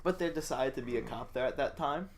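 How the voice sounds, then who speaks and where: A man's voice: mid-range voice, fast. A young man, a podcast co-host, telling a story in casual chat with lots of filler words. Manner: rambling storyteller, many "like" fillers.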